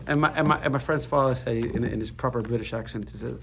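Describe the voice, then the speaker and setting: A man teaching a lively class, switching quickly between explanation and jokes. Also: medium pitch, gravelly, a little hiss or hum. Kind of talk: animated class lesson.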